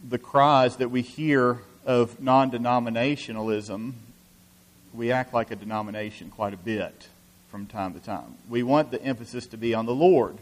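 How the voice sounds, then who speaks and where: A male preacher giving an earnest sermon, often restarting phrases and filling pauses with "you know.". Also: mid-range voice.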